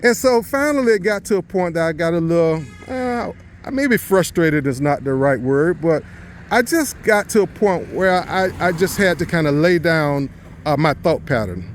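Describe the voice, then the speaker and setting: A man, a real estate investor, telling a story about a deal, speaking deliberately and stressing key words as he quotes the people involved. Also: on the high side, animated, a little hiss or hum.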